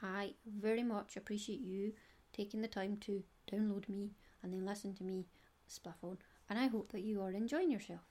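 A woman's voice: medium pitch, fairly even intonation, normal speed, few pauses, dark tone. A middle-aged Scottish woman hosting a knitting podcast, chatty and digressive with giggles. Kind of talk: casual solo podcast chat.

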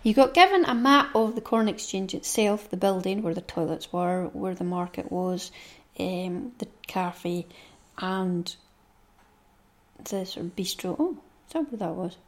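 A woman's voice: fairly low pitch, a little slow. A middle-aged woman, hosting her own podcast in a chatty, rambling monologue and reading through a long list. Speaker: knitting podcast host. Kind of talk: casual monologue.

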